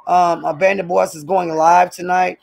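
A woman's voice: lowish voice, little pitch movement, moderate pace, gravelly, darkish tone. A woman chatting casually to her viewers from home on a hot day. She rambles from one thing to the next and keeps calling the audience y'all. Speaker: vlogger.

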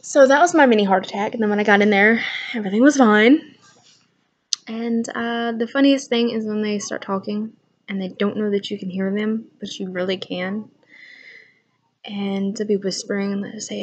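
A woman's voice: mid-range voice, moderate pace. A young woman chatting casually on her own vlog, rambling through funny stories about kids and laughing as she goes. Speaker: channel owner.

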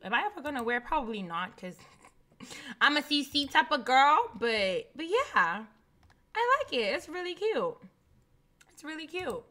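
A woman's voice: high-pitched, sharp tone. A woman casually reacting to a game trailer in a chatty vlog, repeating herself and laughing easily.

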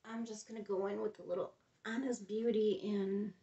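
A woman's voice: medium pitch, fairly even intonation, normal speed, mellow, muffled recording. A middle-aged woman giving a casual makeup review, chatty and rambling, often muttering to herself under her breath. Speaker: beauty vlogger.

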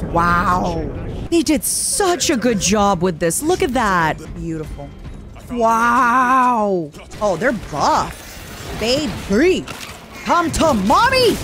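A young woman streaming a game, gushing and playful as she reacts and chats. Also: on the low side. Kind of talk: live gameplay commentary.

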